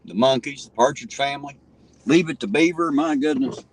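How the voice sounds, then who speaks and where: A man's voice: medium pitch, moderate pace, slight background noise, rough recording. A middle-aged man, hosting a livestream, chatting casually and reminiscing in a folksy, rambling way. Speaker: livestream host reading chat. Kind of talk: casual chat.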